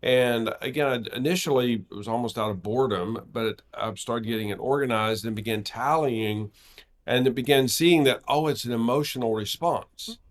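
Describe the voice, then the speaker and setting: A man talks through his research as a podcast guest, patient and explanatory. His voice sits in a middle register, and he fills short pauses with "uh" as he builds each point. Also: mid-range voice. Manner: measured, explanatory, with filler "uh"s.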